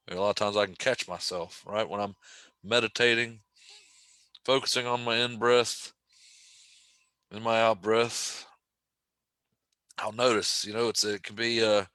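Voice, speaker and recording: A man leading a guided breathing meditation, speaking slowly and gently with casual asides to the listener. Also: lowish voice, no echo. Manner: slow, gentle, calm guidance with casual asides.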